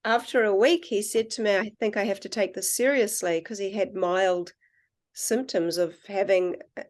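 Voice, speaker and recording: A woman guest in casual conversation, telling animated stories and acting out the dialogue. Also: medium pitch, moderate pace. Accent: non-American accent, self-described. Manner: animated storyteller, acts out quoted dialogue. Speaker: guest, water researcher.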